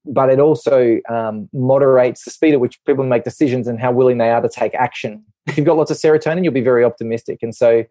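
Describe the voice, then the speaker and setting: A man with a dark, mellow voice explains things to a podcast host, and he is clearly a doctor. He talks with energy and drops into quick put-on voices for his examples. The recording is close and dry. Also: medium pitch, dry recording. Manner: animated, acts out little voices in his examples.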